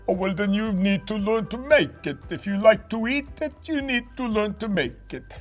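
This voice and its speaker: Man putting on a high puppet boy voice, gravelly, chatty, excitable, children's puppet show, soft music behind. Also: moderate pace. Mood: excited storytelling. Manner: chatty storyteller, excitable exclamations. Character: cheerful young male puppet who loves cooking.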